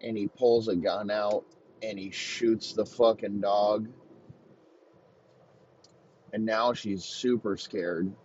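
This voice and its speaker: Dude slowly spinning a crude story, lowish voice, muffled lo-fi audio. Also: male voice, a little hiss or hum. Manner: profane, deadpan narration. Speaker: comedy podcast host. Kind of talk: improvised comic storytelling. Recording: muffled lo-fi recording.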